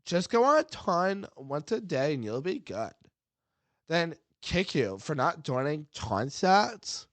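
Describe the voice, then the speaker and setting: Man doing a whiny valley girl poster, sing-song, swooping high, drawn-out, dry close sound. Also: sing-song, a bit bright, dry recording, heavily acted.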